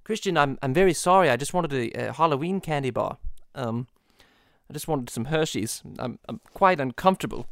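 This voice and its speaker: A pompous little cartoon baby, as a man voices him speaks low and quietly, stumbling over his words. His tone stays bright and the sound is dry and close-up. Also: lively intonation, brisk, vocal fry, dry recording. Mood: timid apologetic. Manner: timid, stammering apologies.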